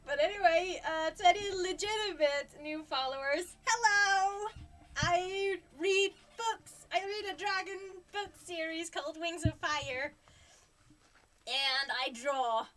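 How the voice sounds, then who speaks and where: A woman's voice: very high-pitched, unhurried, a bit bright, distant mic, soft background music. A woman streamer chatting casually on a livestream, giggly and flustered, often stopping to restart her sentences.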